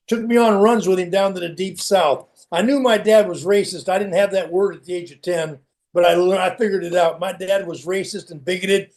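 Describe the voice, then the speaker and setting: High-voiced man telling his story. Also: a little mellow. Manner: candid, plain-spoken storytelling. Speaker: recovery meeting speaker. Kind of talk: personal recovery share. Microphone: video call.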